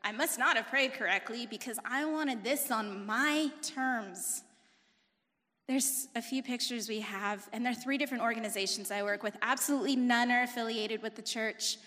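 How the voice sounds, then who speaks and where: A woman in her forties giving a personal testimony in church, talking fast and telling her story with animated, emphatic intensity. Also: on the high side. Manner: emphatic, rising to forceful intensity. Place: church sanctuary. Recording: long reverb of a large hall.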